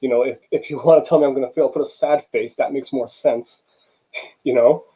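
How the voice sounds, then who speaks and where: A man's voice: mid-range voice, fairly even intonation, brisk, dark tone, breathy edge, low-quality recording. A young man giving a personal storytelling talk to students in a conversational way, often saying "you know" and acting out the dialogue. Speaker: student speaker.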